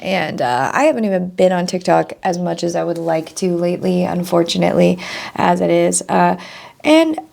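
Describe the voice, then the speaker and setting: A woman's voice: fairly low pitch, lively intonation, moderate pace, vocal fry, a little mellow. A young woman streamer talking candidly to the camera, rambling and swearing casually. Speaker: streamer and content creator.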